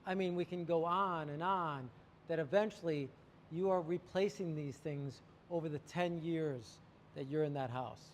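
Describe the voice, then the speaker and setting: A man's voice: on the high side, a little slow, long reverb tail, slight background noise. A man talking about water treatment to camera, telling a client story animatedly and acting out the quotes. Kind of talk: sales talk to camera.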